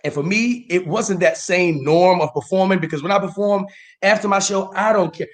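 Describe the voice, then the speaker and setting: High-voiced joking comedian man. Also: moderate pace. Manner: loud, animated joking with bursts of mock outrage. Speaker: comedian guest. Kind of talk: casual podcast interview.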